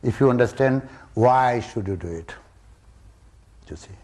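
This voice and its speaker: A man giving a spiritual discourse to students, emphatic and full of rhetorical questions, jumping from loud rises to soft drops. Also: medium pitch, big pitch swings, normal speed, long pauses. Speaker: spiritual teacher.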